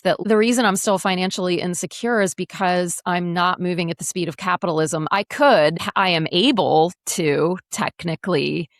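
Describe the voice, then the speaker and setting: A woman in her forties, an educator speaking as a podcast guest, telling her story in a frank, animated, often profane way. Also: fairly low pitch, dry recording, studio quality. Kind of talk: candid casual interview.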